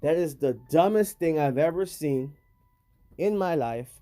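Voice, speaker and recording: A man's voice: a little high, expressive, a little slow, warm tone. A man hosting a casual vlog, talking straight to his viewers in emphatic, slangy street talk. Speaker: host.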